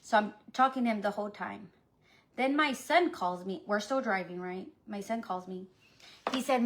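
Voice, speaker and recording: Chatty mother telling a story, somewhat high voice. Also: normal speed. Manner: chatty, animated, addresses viewers as y'all. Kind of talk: casual storytelling.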